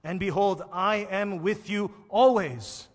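A man's voice: sits high, slow pace, in a large hall. A man preaching a sermon as pastor, building his rousing points through repeated phrases.

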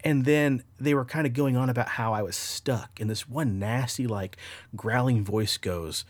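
A podcast host telling a story casually in a relaxed, animated way, with swearing throughout. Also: male voice, mid-range voice, normal speed, dry recording.

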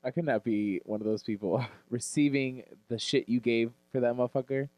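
A man co-hosting a fantasy football podcast, ranting loudly with constant swearing and laughter. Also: mid-range voice, fairly even intonation, normal speed, no echo, muffled recording. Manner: loud, swearing rants and laughter. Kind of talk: profane casual sports chat.

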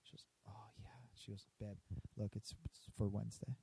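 A man's voice: lowish voice, monotone, normal speed, vocal fry, warm tone, slightly rough. A man who works at a barbershop, casually swearing his way through a story about rude customers and acting out their lines. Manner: profane, storytelling, acts out customers. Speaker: barbershop worker. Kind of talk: casual chat.

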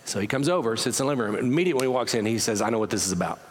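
Man, pastor, mid-pitched, storytelling sermon, conversational with restarts, light church-room ambience. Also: animated, rapid-fire, long reverb tail, a little hiss or hum. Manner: conversational storytelling with self-corrections.

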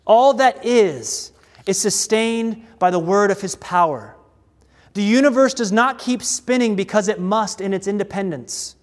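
Man, preacher, sermon, high-pitched, deliberate, repeated refrains. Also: expressive, long reverb tail.

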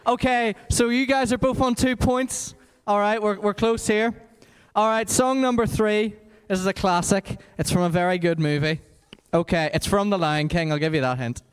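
A man with energetic, encouraging delivery leading a quiz for children in a church. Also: sits high, normal speed, smooth. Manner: energetic, encouraging, talks to a crowd. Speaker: children's worship leader running a quiz. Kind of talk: lively church address to children. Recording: echoey church hall.

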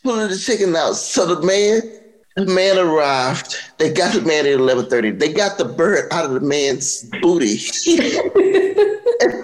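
A man's voice: a little high, big pitch swings, unhurried, low-quality recording. A young man hosting a comedy podcast, chatting casually and breaking into laughter as he reads a story aloud. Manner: laughs often while reading aloud. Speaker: podcast host.

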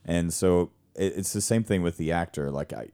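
A man, a stage actor and director, chatting casually and telling animated stories with frequent laughter. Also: deep voice, normal speed. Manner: animated storyteller, laughs often. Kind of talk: casual conversation.

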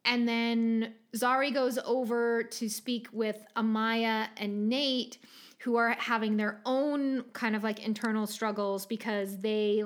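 A woman recapping a TV episode in casual chat, talking loosely with lots of "like" and frequent laughs. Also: a little high. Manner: chatty, many filler "like"s, laughs often. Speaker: podcast co-host recapping a TV episode.

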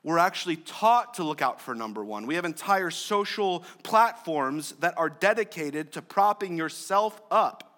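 A young male pastor preaching a sermon, conversational with joking asides, swinging from loud emphasis to quiet, low lines. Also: expressive, normal speed, few pauses.

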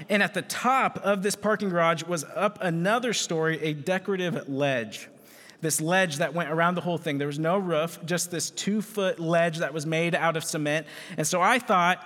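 A man giving an animated, self-mocking talk with stories to a crowd, on a handheld microphone in a large hall. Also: high-pitched. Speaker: youth speaker. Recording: echoey hall.

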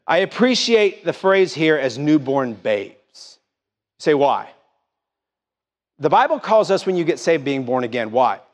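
Male pastor, middle-aged, high pitched, very lively delivery, emphatic sermon, long church reverb. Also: unhurried. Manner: emphatic call-and-response preaching, rising and falling. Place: church sanctuary.

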